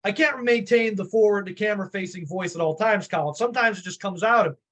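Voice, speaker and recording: High-voiced man with a Chicago accent. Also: quick pace, fairly bright tone. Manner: chatty, musing, self-questioning. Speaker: panelist. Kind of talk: casual political discussion.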